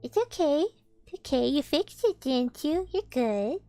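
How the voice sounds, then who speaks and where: A young woman streamer reading a storybook aloud, animated, with chatty asides to her viewers. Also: sits high, unhurried, dry recording. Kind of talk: casual read-aloud stream. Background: faint background music.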